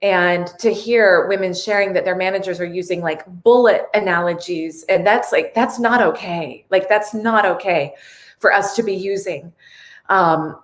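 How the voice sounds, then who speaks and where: A woman's voice: fairly low pitch, normal speed, reverberant. A woman hosting a casual live stream, earnest and tearful, reading viewer comments aloud.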